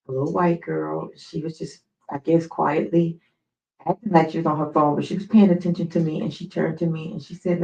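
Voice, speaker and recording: A woman's voice: low voice, gravelly, highs cut off. A woman from the United States hosting a live stream, telling chatty, digressive stories in a casual way. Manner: chatty, digressive, animated storyteller.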